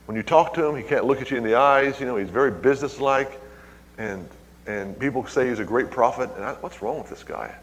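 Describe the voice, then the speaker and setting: His mid-range voice moves a little fast as he preaches to his congregation. This pastor's sermon weaves in personal stories, and he shouts "hallelujah" and calls out to the crowd between points, all with the long reverb of a large hall.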